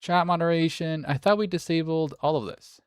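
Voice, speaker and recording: A man's voice: a little high, normal speed, clean tone, no echo, studio quality. A man hosting a game tournament on a livestream, chatting casually and joking with viewers, swearing now and then.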